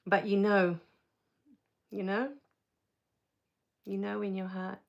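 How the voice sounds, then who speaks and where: A woman hosting a spiritual live Q&A, reading viewer comments, soft-spoken and tender, quick to laugh and tear up. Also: mid-range voice, little pitch movement, vocal fry, highs cut off. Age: adult with a child. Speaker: spiritual live-stream host.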